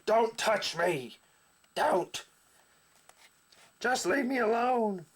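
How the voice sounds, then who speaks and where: A man's voice: a little high, unhurried, a little mellow, pitched above the performer's own voice, lightly acted. A man doing a snarling young superhero. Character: brooding young male superhero, snarling and defensive.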